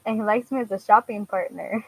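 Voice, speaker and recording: Young woman, casual vlog chat, hesitant fillers, frequent laughs, mid-pitched voice. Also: fairly quick, vocal fry, low-quality recording. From Washington, US. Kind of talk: casual chat answering viewers.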